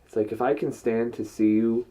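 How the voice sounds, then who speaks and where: A man's voice: mid-range voice, fairly even intonation, fairly quick, dark tone. A man co-hosting a casual couples podcast, talking in a laid-back, rambling way and swearing freely. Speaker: podcast co-host. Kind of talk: casual chat. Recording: muffled lo-fi mic.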